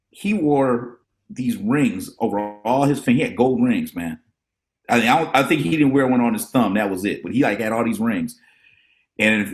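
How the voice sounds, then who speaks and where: A middle-aged man, a drummer and educator, telling animated stories about his mentors as a podcast guest and acting out the voices of the people he quotes. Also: mid-range voice. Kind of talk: casual storytelling interview.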